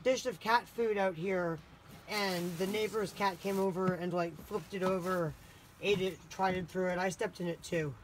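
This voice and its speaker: A woman's voice: on the low side, fairly even intonation, moderate pace, slight background noise. A woman vlogging outdoors by her house, chatty and exasperated, with lots of "like" fillers as she retells her day. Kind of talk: casual vlog narration.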